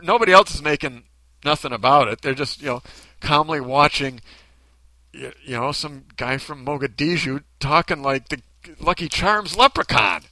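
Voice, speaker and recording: Brief: man, comic storyteller, rambling with laughs, lively bright voice, dry close sound. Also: fairly high pitch, no room sound, low-quality recording. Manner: rambling, laughing asides, self-interrupting. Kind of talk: comedic storytelling.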